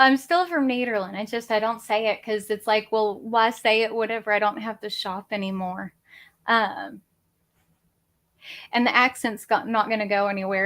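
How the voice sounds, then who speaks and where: A woman's voice: fairly high pitch, a bit bright. A woman, hosting a casual livestream chat from her home office in a rambling, chatty, self-deprecating way. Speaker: crafting channel host.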